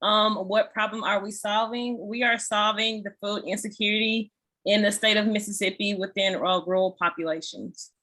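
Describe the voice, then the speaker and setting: Woman, bright voice, short and slightly unsure. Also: medium pitch, fairly even intonation, moderate pace. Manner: brief, slightly unsure answers. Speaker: student team member. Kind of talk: casual introduction. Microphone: video call.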